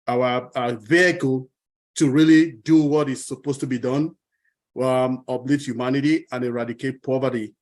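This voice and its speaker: A man's voice: mid-range voice, darkish tone. A man speaking as a panelist in an online webinar, earnest and grateful over a video call.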